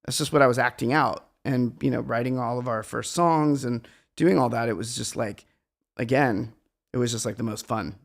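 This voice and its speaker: A man's voice: mid-range voice, normal speed, gravelly. A middle-aged man, a guest musician, talking in a meandering, reflective and self-deprecating way in a casual conversation.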